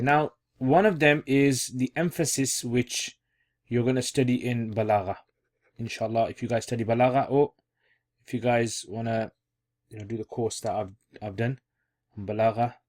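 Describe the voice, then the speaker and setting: A man's voice: mid-range voice, a little mellow. Casual man teaching Arabic grammar online. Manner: casual, repeats key terms, thinks aloud while explaining.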